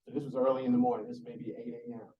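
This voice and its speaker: A man's voice: medium pitch, flat delivery, very fast, dark tone, dull audio. A man adding to a conference presentation, telling anecdotes in a conversational way. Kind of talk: conference talk. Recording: distant mic.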